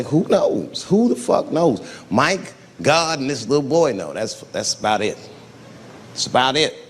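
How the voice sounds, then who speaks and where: A man doing profane, animated stand-up, slipping into voices for his stories, on stage before a live audience. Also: mid-range voice, slight background noise. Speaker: comedian. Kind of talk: stand-up comedy. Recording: live hall with loud laughing crowd.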